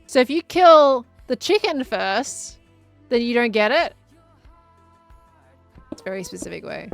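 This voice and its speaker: Gravelly, high-voiced woman streaming a game. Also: big pitch swings, unhurried, long pauses, soft background music. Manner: chatty, reads chat messages aloud and answers them. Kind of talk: casual gameplay livestream chat.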